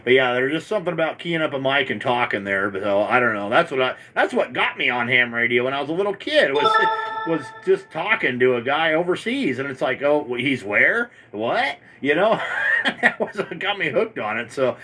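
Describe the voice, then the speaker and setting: A man's voice: medium pitch, very animated, brisk, bright, forceful tone. A man from Montana chatting casually on the air as an amateur radio operator, folksy and friendly, tagging "there, my friend" onto his lines.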